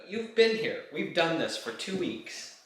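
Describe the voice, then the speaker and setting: Man, family vlog dad, teasing, bright tone, echoey room, distant from mic. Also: fairly high pitch, sing-song, unhurried. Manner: teasing, joking. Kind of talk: casual chat at home. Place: at home indoors.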